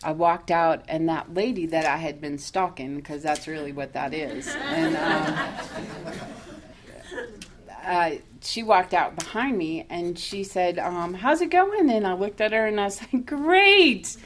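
A woman's voice: fairly low pitch, measured pace, noisy background. A woman telling her own recovery story at a meeting, candid and self-mocking, laughing often as she talks. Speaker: recovery speaker.

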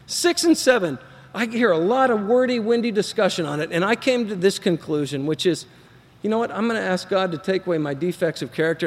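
A man's voice: sits high, in a large hall. A middle-aged man telling his recovery story to a group, rambling and acting out what people said, with a self-deprecating humor. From Texas. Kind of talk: personal recovery talk to a group.

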